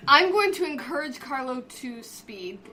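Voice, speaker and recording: Woman player, high voice, bright tone, excitable, casual. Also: a little slow. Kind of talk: casual tabletop game play.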